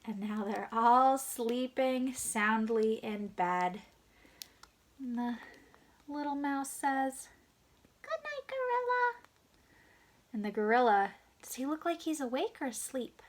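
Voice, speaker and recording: A woman reading a picture book aloud to young children, asking them gentle questions and sometimes dropping to a hushed whisper. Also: fairly high pitch, takes it slowly. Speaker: children's story reader.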